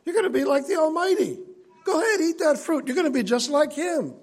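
A man's voice: very high voice, lively intonation, brisk, pitched above the performer's own voice. A man putting on a wheedling devil serpent. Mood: coaxing. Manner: wheedling, urging. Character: coaxing tempting male devil serpent.

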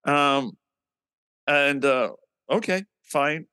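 An English musician casually recounts his band's history, animatedly acting out quoted dialogue and swearing now and then. His voice is fairly high, bright and forceful, with drawn-out words and a clean tone. The recording is studio quality with no room sound.

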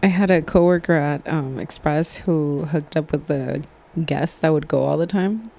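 A woman's voice: deep voice, mellow. A woman in casual chat, trading gossip stories and laughing along. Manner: slow, gravelly, backchannels and laughs a lot.

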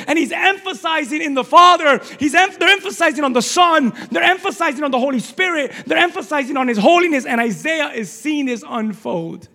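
A man preaching a sermon, shouting at times and then dropping to a hushed, low delivery. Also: brisk, hardly any pauses. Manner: shouting, dramatic swings from loud to hushed. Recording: long reverb of a large hall.

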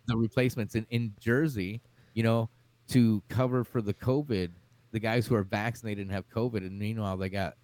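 Brief: low male guest, swearing, rambling rant, dry close mic. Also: fairly even intonation, brisk, darkish tone, dry recording. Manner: profane, rambling, ranting. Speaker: podcast guest. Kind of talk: casual chat.

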